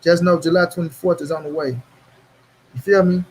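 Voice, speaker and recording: A man's voice: on the high side, steady tone, normal speed, husky, low-quality recording. A man hosting a boxing commentary channel, ranting in a casual, profane way, repeating lines for stress and talking straight to his viewers in street slang.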